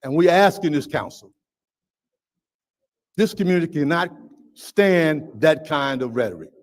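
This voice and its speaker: A man's voice: fairly high pitch, expressive, unhurried, low-quality recording. A man giving a public comment speech to a city council, emphatic and indignant as he demands an investigation. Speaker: resident speaking at public comment.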